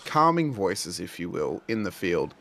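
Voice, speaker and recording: A man's voice: low-pitched, very animated, measured pace, creaky, sharp tone. A man calling a sim race and bantering with his co-host, enthusiastic and repeating words as he gets going. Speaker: lead race commentator. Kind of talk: sim racing play-by-play and banter.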